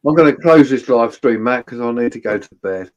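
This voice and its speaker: A man's voice: mid-range voice, animated, a little fast, darkish tone, lo-fi sound, a little hiss or hum. A man hosting a livestream, chatting casually and in an easygoing way. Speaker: livestream host. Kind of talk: casual chat.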